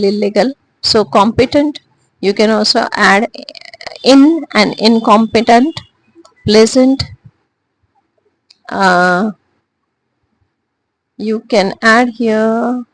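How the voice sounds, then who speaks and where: A woman teacher, giving a recorded lesson slowly, with frequent hesitations and restarts. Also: medium pitch, no echo, poor audio. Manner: slow and deliberate, with frequent "uh" and restarts. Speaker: English teacher.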